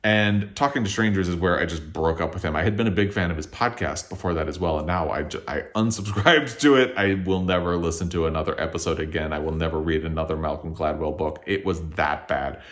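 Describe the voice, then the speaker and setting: Guy w a lowish voice venting about books he hated, emphatic, kinda exasperated, casual home vlog. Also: fairly quick, few pauses, fairly bright tone. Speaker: book reviewer and channel host. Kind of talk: casual opinionated book review. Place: at home on a couch.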